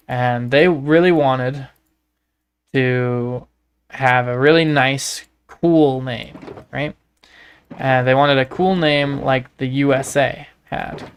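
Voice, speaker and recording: Canadian guy streaming a game, goofy rambly storyteller, mid pitch, nice smooth voice. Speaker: livestreaming gamer. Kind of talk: casual gameplay commentary.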